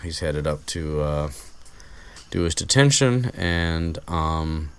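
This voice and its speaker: Slow, low-voiced rambling man. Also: lively intonation, smooth. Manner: rambling, many fillers and restarts. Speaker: podcast host recapping a book. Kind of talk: casual chat.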